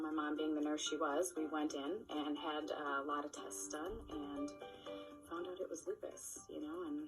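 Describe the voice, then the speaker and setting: A young woman with a notably low voice shares a personal story in a halting, emotional way. Soft music plays faintly behind her. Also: low-quality recording. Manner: emotional, halting, drops to a whisper.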